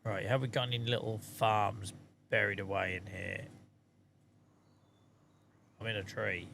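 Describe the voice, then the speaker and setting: A man's voice: lowish voice, steady tone, measured pace, vocal fry, sharp tone, slight background noise. A man chatting casually on a live stream while he plays a game, thanking viewers and muttering asides to himself.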